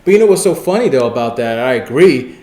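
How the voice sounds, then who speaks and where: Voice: medium pitch, fast. A podcast host in casual conversation, encouraging the guest and following up with eager questions. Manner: encouraging, backchannels, excited follow-ups. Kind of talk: casual interview chat. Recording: roomy echo.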